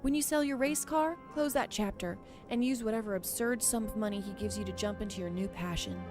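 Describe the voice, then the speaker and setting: An actress as a frank, fond letter-writer. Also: female voice, medium pitch, a little fast, natural voice. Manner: affectionate, frank, persuasive. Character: adult woman writing a fond letter. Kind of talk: letter read aloud. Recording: music behind.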